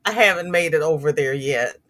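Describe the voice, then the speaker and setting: A woman's voice: low-pitched, fairly quick, a bit bright. A middle-aged woman hosting a crochet livestream, chatting casually with viewers and reading their comments, sympathetic and prone to repeating words.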